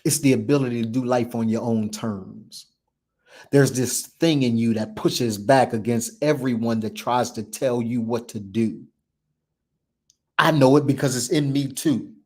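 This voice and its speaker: Preaching-style motivation comes from this show host, who repeats himself emphatically and shifts from loud proclamations to quiet, hushed stretches. His pace is measured.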